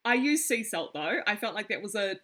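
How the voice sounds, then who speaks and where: A woman's voice: mid-range voice, sing-song, a little fast, bright, forceful tone. A woman co-hosting a casual chat, giggly and candid. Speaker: podcast co-host.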